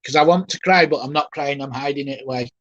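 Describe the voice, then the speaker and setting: A man working as a spiritualist medium, giving a live reading in a gentle, halting, often emotional way while softly reassuring the person he addresses. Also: medium pitch, dry recording, dull audio.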